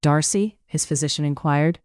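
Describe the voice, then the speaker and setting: An audiobook narrator giving a steady, even reading of a period romance story. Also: mid-range voice, moderate pace, clean tone, no echo, clean studio sound.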